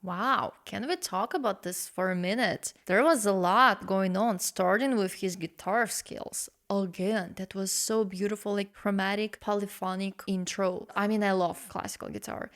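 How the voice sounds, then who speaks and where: A woman's voice: medium pitch, normal speed, few pauses, a bit bright. A woman hosting a casual reaction video, talking expressively and singing short snippets to illustrate her points. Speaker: host reacting to a song.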